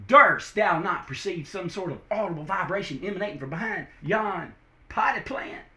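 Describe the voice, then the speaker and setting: A man's voice: sits high, expressive, unhurried, long pauses, pushed and bright. Hammy man with a folksy drawl. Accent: put-on Southern US drawl. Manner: folksy, playful, hammy voice switching. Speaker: host and storyteller. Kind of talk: comic storytelling with put-on drawl.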